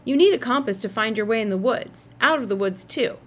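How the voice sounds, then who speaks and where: A woman reading aloud and voicing a stubborn little boy who argues back in a shrill, indignant way. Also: animated, a little fast. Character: stubborn shrieking little boy, younger brother.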